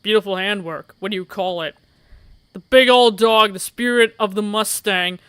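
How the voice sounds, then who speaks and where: A man hosting a game playthrough, reading the game text aloud and joking around in a playful, excitable way. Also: sits high, moderate pace, smooth. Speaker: gaming channel host. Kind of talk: let's play commentary, reading game text.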